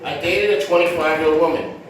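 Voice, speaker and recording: A man's voice: on the high side, steady tone, fairly quick. A middle-aged man doing a stand-up comedy set on a club stage, telling brash, self-mocking stories with street slang. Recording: roomy echo from far off.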